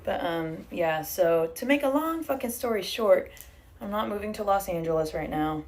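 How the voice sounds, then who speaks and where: A woman's voice: medium pitch, expressive, normal speed, darkish tone, a little hiss or hum. A young woman in casual livestream chat at home, swearing freely and reading out viewer comments while braiding her hair. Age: young adult. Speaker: streamer. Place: living room at home.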